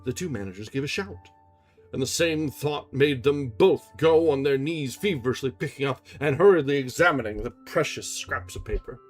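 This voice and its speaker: A man's voice: medium pitch, lively intonation, moderate pace, soft background music. A man streaming a live reading of a classic novel, narrating expressively with small restarts. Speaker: reader and streamer.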